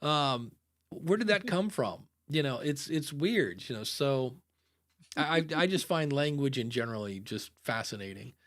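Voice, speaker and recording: A man from the United States co-hosting a podcast in casual chat, animated and jokey, rambling with fillers. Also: medium pitch, normal speed. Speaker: podcast host.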